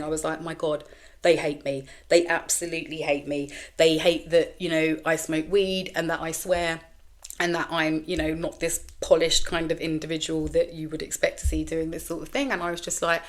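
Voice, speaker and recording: Woman host, middle-aged, lower register, candid sweary storytelling. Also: normal speed. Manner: expressive, sweary, animated retelling with quoted inner voices. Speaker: podcast host. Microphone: camera with mic, solo recording.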